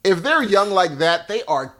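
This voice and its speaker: Male co-host, 30s; loose slangy storyteller, slightly raised pitch, very lively intonation. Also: moderate pace. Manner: slangy, rambling, says "G" and "bruh". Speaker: podcast co-host. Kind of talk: casual chat.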